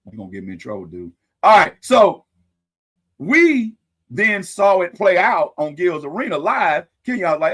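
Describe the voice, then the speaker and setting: A man hosting a live-stream commentary, pitched a touch high for a male voice. He talks casually and animatedly straight to his viewers, throwing in folksy sayings and wry asides. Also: very animated, normal speed, fairly bright tone. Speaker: host.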